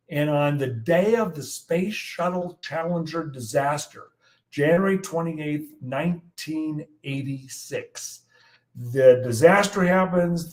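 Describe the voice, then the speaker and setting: Older male meteorologist guest, lively storyteller, somewhat high voice. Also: poor audio. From United States. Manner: animated anecdote telling, acts out quotes. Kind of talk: storytelling in an interview.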